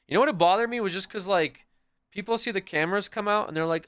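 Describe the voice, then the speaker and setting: A man livestreaming and chatting casually with his viewers in a rambling, profane, animated way. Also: fairly high pitch, a little fast, smooth.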